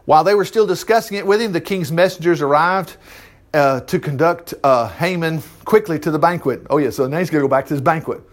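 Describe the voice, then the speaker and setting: A man preaching a sermon, reading scripture aloud and retelling it with animated asides. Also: high-pitched. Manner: animated storytelling with asides and laughter. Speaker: pastor.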